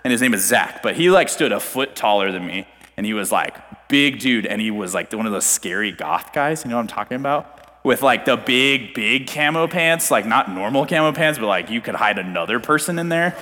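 Young male pastor, loose filler-heavy storyteller with a lively pitch, long hall reverb. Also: fairly quick. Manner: animated, self-deprecating, filler-heavy storytelling. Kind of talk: storytelling sermon.

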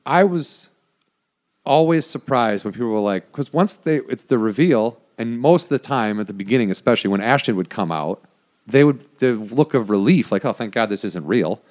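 A former prank show producer, appearing as a guest, rambles through behind-the-scenes stories in a casual chat, peppering them with "like" and lots of swearing. His voice is medium-pitched, animated and a little mellow, moving at a normal speed.

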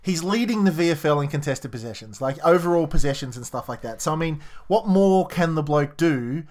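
A man's voice: a little high, expressive, a little fast, a little mellow. An Australian man co-hosting a podcast, talking sport in a chatty, rambling way and repeating his words as he goes. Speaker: podcast co-host. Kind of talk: casual sports chat.

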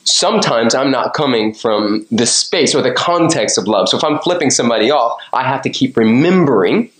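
A man's voice: mid-range voice, animated, moderate pace. Roomy, enthusiastic male podcast guest. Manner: playful, preachy and enthusiastic. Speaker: podcast guest, author and coach. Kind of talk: casual interview. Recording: roomy echo.

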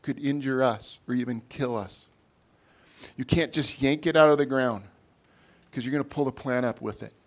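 A man, a pastor, preaching a sermon in a conversational way, his loudness rising and falling as he makes his points. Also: medium pitch, moderate pace.

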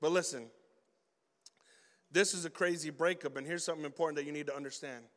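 A young man preaching an energetic youth sermon, telling stories in slang and swinging from loud bursts to hushed points. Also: a little high, fast talker, big-room sound. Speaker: youth pastor.

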